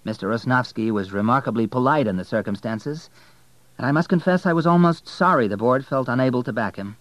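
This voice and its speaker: A man's voice: medium pitch, animated, no echo, voice pushed up, lightly acted, poor audio. A man voicing a cool young banker. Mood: calm. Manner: measured, formal and controlled. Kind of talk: audiobook reading.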